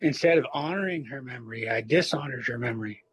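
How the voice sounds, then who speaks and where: A man in recovery telling his personal story in a halting, reflective way, with many fillers and restarts. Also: mid-range voice, fairly bright tone, slight background noise, rough recording. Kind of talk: personal testimony.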